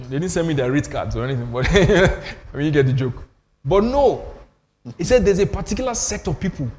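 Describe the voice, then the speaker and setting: An older Nigerian man hosts an animated panel on faith and church, telling stories with emphasis and self-deprecating humor. He talks fairly quickly in a fairly high, darkish voice with lively intonation. The large hall carries slight background noise.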